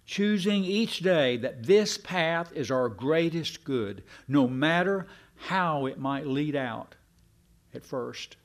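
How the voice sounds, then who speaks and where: A man's voice: a little high, animated, takes it slowly. A man preaching a sermon, folksy and self-deprecating with his congregation. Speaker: pastor.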